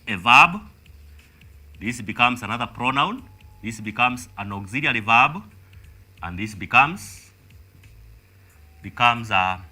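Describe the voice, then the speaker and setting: Kenyan guy teaching exam revision, talks slow, repeats himself, bright tone. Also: medium pitch. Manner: slow, emphatic, repeats words while thinking.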